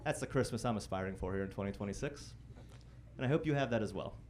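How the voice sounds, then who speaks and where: A young man performing a stand-up set in a comedy club, wry and self-deprecating, breaking into loud mock-singing and shouted impressions. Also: lowish voice, quick pace, a little hiss or hum. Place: comedy club stage before a live audience.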